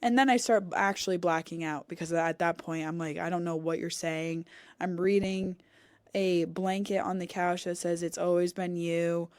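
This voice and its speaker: Young woman telling a story, low-pitched and close. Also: normal speed, smooth, dry recording. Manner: animated, acts out quoted dialogue, cusses. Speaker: podcast co-host. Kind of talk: casual storytelling chat. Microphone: studio podcast mic.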